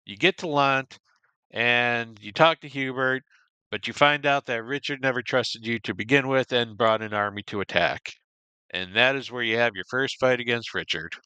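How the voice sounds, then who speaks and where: A man's voice: mid-range voice, moderate pace, bright, forceful tone, smooth, no echo. A man hosting a casual podcast discussion, recapping loosely with lots of fillers and restarts. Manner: rambling recap with frequent fillers. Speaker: podcast host.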